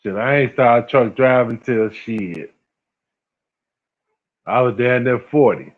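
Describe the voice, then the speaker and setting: A man's voice: mid-range voice, slow pace. A man in his forties hosting a casual livestream, talking slangy and laid-back, laughing often and addressing viewers by name. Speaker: livestream host. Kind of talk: casual livestream chat, reading chat. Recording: phone-like lo-fi sound.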